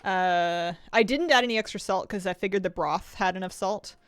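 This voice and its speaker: A woman's voice: mid-range voice, moderate pace, smooth, dry recording. A woman from the United States streaming from home, chatting casually and thinking aloud while she eats and plays a game. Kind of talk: casual live-stream gaming chat.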